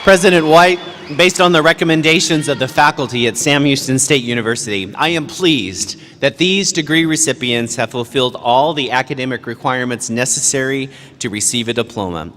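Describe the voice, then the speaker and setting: A man serving as provost, formally presenting degree candidates in a measured manner. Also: medium pitch, a bit bright. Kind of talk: formal ceremony announcement. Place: large hall. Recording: echoey hall with faint noise.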